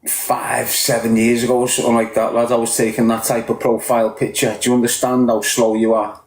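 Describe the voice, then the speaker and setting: A man's voice: medium pitch, level tone, a little fast, roomy sound, poor audio. A man with a Liverpool accent chatting casually on a livestream, greeting viewers and teasing them bluntly with heavy swearing. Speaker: livestreamer reading viewer comments.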